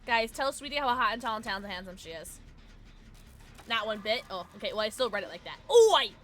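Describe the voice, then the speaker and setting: A tipsy woman livestreaming a game, chatting casually with her viewers, giggling and breaking into loud squeals and shouts. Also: mid-range voice, fast, slight background noise. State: tipsy from drinking. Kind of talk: casual livestream chat while gaming.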